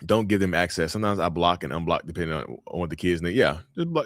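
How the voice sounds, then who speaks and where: A man's voice: low-pitched, animated, quick pace, no room sound, studio quality. A man chatting casually on a livestream, reacting to viewer comments in a blunt, emphatic way that repeats phrases for effect.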